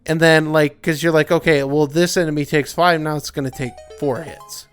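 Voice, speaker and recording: A man's voice: fairly high pitch, fairly even intonation, moderate pace, soft background music. Tired rambling young man commenting on gameplay. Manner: rambling, filler-heavy, yawning and tired. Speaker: let's play commentator.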